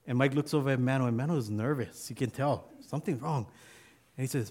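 A man's voice: mid-range voice, quick pace, a little mellow. A man giving a sermon as pastor, telling a story with asides and restarts.

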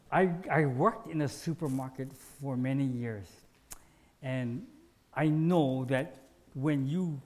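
Here a man with a slightly high voice offers an easygoing spiritual lesson. He acts out everyday situations in brief, punchy lines, animated and quick to laugh at himself.

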